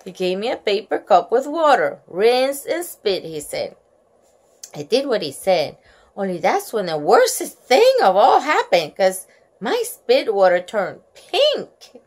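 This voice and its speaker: A woman's voice: mid-range voice, huge pitch swings, measured pace. A woman reading a children's book aloud at home, giggling often and breaking off to chat. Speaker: storyteller.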